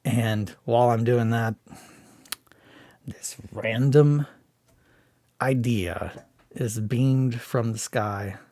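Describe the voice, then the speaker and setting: A man hosts a casual morning stream, rambling excitedly and restarting his sentences often. His voice sits at an ordinary middle pitch. It is recorded close and dry, with no room sound. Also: very slow, long pauses, no room sound. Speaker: hobby streamer.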